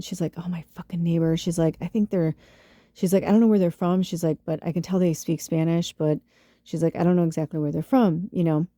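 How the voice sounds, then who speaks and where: A woman's voice: lowish voice, warm tone, dry recording, clean studio sound. A woman from the Chicago suburbs, telling a rambling, profanity-laced story on her spiritual podcast, full of fillers and laughs. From Chicago suburbs, US Midwest. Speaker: spiritual medium podcast host. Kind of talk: casual storytelling monologue.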